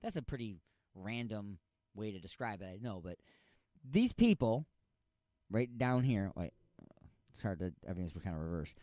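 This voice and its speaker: A man's voice: lowish voice, animated, normal speed, long pauses, dark tone, no room sound, clean studio sound. A man hosting a radio show, riffing on odd news stories in a rambling, mock-outraged way.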